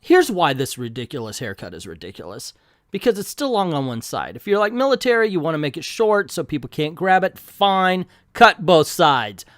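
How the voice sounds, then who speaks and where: A man's voice: fairly high pitch, sing-song, normal speed, no echo, studio quality. A man reviewing a comic book in a casual, sarcastic and exasperated commentary vlog.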